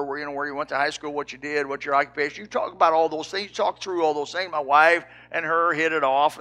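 An older man, a preacher from Indiana, telling a folksy story with lively quoted dialogue. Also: a little high. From Indiana, United States. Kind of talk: storytelling sermon.

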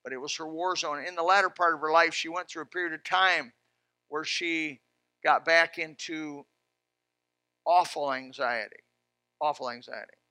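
A man preaching a sermon in a folksy, fervent way, dropping to a hush and then rising loud. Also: a little high, fairly even intonation, normal speed, smooth, no room sound. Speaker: pastor.

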